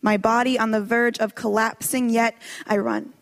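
A woman performing a spoken word poem with a slow, dramatic and intense delivery. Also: on the high side, little pitch movement. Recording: long hall reverb.

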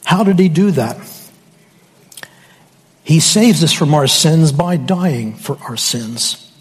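A man preaching a sermon slowly and emphatically, with dramatic pauses. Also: on the high side, lively intonation, husky, big-room sound.

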